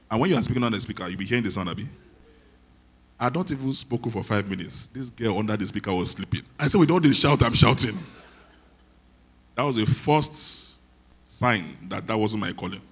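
A man preaches in a deep, low voice. He teaches softly and conversationally rather than shouting, and jokes about himself along the way. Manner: soft-spoken, conversational teaching, self-deprecating humor. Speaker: pastor. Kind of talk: sermon.

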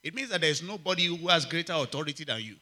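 A man preaching a sermon, emphatic and repetitive, calling out to the congregation and swinging from loud exclamations to quiet asides. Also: a little high, animated, quick pace. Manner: emphatic, repeats key phrases, asks the congregation for response. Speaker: pastor.

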